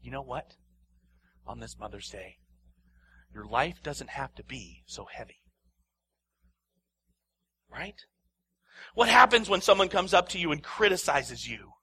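A man preaching a sermon as pastor. He swings between loud, emphatic lines and hushed near-whispers, laughs often, and repeats phrases for effect. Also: mid-range voice, animated, a little slow, pauses often.

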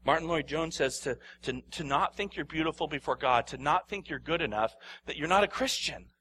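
A man delivering a sermon in a bright, forceful voice pitched a little high. He swings from loud, emphatic bursts down to hushed near-whispers, repeats phrases for effect, and laughs as he preaches. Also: brisk. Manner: laughs often while preaching. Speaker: pastor.

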